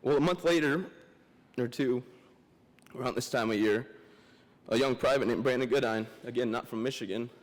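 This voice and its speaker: A young man giving a memorial speech as a guest speaker, joking and self-deprecating, halting and emotional, close to tears. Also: medium pitch. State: emotional, teary. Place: large memorial hall. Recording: long hall reverb.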